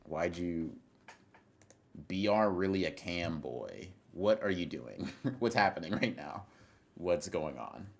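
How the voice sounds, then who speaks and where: A man's voice: low voice, animated, slow, vocal fry. A young man livestreaming, chatting casually with his viewers in a rambling, profane way that keeps interrupting itself as he reacts to chat.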